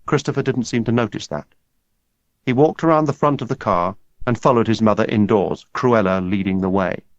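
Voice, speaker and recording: A man narrating an audiobook in a measured, steady storytelling manner. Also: fairly low pitch, no echo. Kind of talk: scripted narration. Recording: dull lo-fi dry recording.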